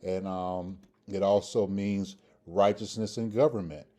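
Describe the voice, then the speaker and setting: Low, mellow-voiced man teaching grammar. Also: fairly even intonation, unhurried. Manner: patient, repeats pronunciations several times with frequent "okay?" checks. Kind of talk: instructional video lesson.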